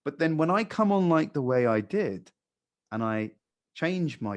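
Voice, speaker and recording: A male sales trainer walking new staff through a call. He talks calmly and bluntly in a voice pitched a little high, with casual swearing. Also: unhurried. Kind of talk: coaching new hires.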